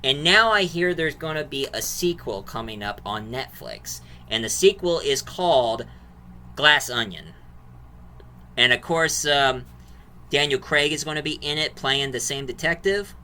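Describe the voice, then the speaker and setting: Brief: male movie reviewer, casual and rambling, very bright, cutting tone. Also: medium pitch, lively intonation, measured pace. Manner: rambling plot recap, restarts and fillers.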